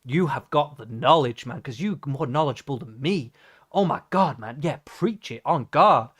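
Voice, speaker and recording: Sycophantic starstruck male interviewer, a streamer's mocking put-on, soft and low. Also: lively intonation, moderate pace, slightly rough. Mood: gushing.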